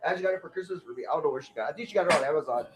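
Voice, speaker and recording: A man's voice: fairly high pitch, rapid-fire. A man hosting a live watch-along stream, chatting casually and telling rambling stories full of slang. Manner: rambling storyteller, slangy, says "bro" a lot. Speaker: livestream watch-along host.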